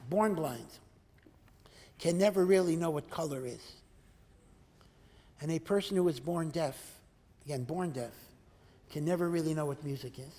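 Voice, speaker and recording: A rabbi giving an earnest Torah lecture, asking rhetorical questions and mixing in Hebrew and Yiddish terms. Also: male voice, sits high, warm tone. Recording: hall with long reverb.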